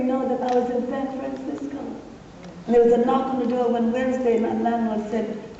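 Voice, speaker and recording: A woman's voice: a little high, level tone, brisk, warm tone. An older woman from New York, a poet telling stories on stage to a live audience in a rhythmic, repeating way, laughing often. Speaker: poet and speaker. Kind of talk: storytelling on stage. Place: arts center hall, live audience. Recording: distant echoey hall, dull and noisy.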